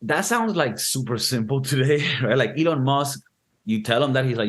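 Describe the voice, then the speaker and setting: A young man on a podcast, casually reviewing a movie and explaining it in an animated, profane way, acting out quotes. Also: medium pitch, normal speed. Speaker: podcast co-host.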